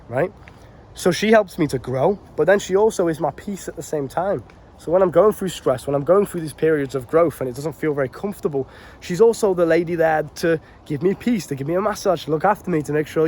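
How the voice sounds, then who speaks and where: A man's voice: fairly high pitch, a little mellow, husky. A man giving dating advice in a casual, unscripted rant, blunt and swearing freely, calling his listeners bro.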